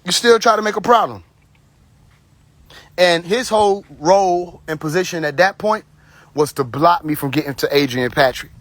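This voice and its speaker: A man's voice: a little high, fairly bright tone, no room sound. Blunt, rambling man on a phone livestream. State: tipsy. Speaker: live stream host. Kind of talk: casual live stream monologue.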